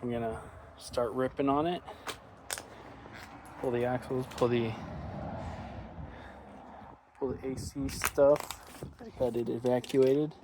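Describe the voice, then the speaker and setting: Unhurried man in a noisy outdoor yard. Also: mid-range voice. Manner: relaxed, thinking aloud, plain-spoken. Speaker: mechanic vlogger. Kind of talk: casual self-filmed work vlog.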